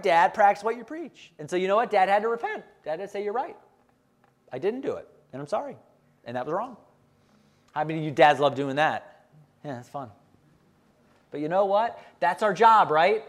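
Brief: middle-aged man, pastor, conversational sermon, lively up-and-down delivery. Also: sits high. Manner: conversational, asks the congregation questions.

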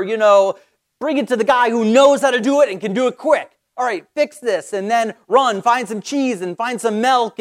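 An excited Bible teacher leads a casual study, with a voice that rises and falls a lot. The talk is loose and conversational, full of quick restarts and asides to the listener. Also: medium pitch. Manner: enthusiastic, conversational, with frequent restarts.

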